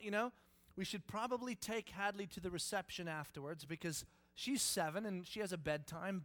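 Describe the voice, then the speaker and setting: A man in his thirties preaching, telling a family story with lively acted-out voices and frequent laughs. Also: fairly high pitch. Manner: animated, acts out voices, laughs often. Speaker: pastor. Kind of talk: sermon storytelling.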